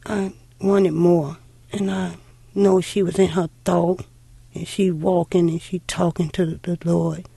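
A middle-aged woman telling a heartfelt personal story in an unhurried way, acting out old conversations. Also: fairly low pitch, level tone, creaky, warm tone, slightly rough, dry recording. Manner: unhurried, heartfelt, acts out dialogue. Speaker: interviewee.

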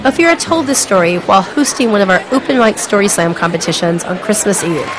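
A woman hosting a radio storytelling show, reading calm, measured introductions. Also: mid-range voice. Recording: radio host over music and applause.

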